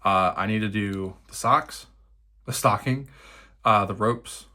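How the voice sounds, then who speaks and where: Chatty man with a bright voice. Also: fairly low pitch, takes it slowly. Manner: chatty, self-deprecating, thinking aloud. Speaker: miniature painting hobbyist. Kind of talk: casual narration over a painting session.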